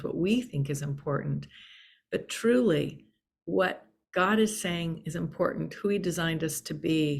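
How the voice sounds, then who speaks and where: A woman's voice: lowish voice, vocal fry. A woman hosting an inspirational spiritual talk, speaking earnestly and soothingly and repeating key phrases for emphasis. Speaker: spiritual channel host.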